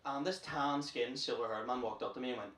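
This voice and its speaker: On stage at a comedy club, a young man with a Northern Irish accent tells rapid, foul-mouthed, brash stories. His voice is medium-pitched and slightly bright, heard through a far-off mic in a noisy, reverberant room.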